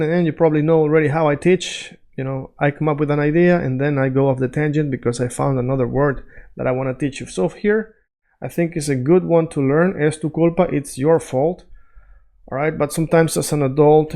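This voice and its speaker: Brief: male language teacher with a slightly high voice, casual and chatty, keeps asking "right?" while drilling phrases. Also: mellow. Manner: conversational, checks in often with "right?" and "all right?"; repeats phrases slowly to drill them. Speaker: Spanish teacher. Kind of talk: casual freestyle language lesson.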